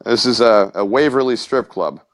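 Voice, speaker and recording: A man's voice: lowish voice, moderate pace, a crowd in the background. Guy on a podcast rambling through a crude story, lots of stammers and swearing. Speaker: podcast co-host. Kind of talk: casual storytelling chat.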